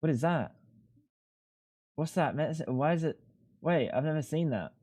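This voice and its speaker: A man's voice: on the high side, expressive, moderate pace, a little mellow, breathy edge, dry recording, clean studio sound. A young man streaming live, chatting casually and rambling, swearing freely as he thanks viewers. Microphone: headset.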